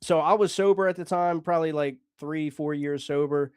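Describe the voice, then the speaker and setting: A man's voice: a little high, fairly even intonation, normal speed, a little mellow, smooth, no echo, studio quality. A man telling a long story casually, rambling, swearing and acting out the dialogue.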